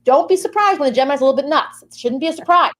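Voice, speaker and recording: A woman guest rattling off a chatty comic monologue at a quick clip, her voice leaping all over the place. She rambles playfully, tossing in sing-song little asides, and sits a bit high in pitch. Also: expressive. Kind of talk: comic monologue in character of a sun sign.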